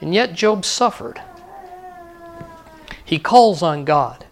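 A man's voice: high voice, expressive, slow, slight background noise. A male pastor preaching a sermon in a conversational way, repeating key lines for emphasis.

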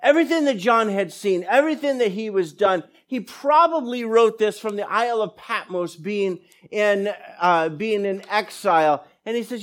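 A man's voice: high voice, normal speed, hardly any pauses. A middle-aged man preaching a sermon as pastor, telling stories with quoted dialogue. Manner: animated storytelling with quoted dialogue.

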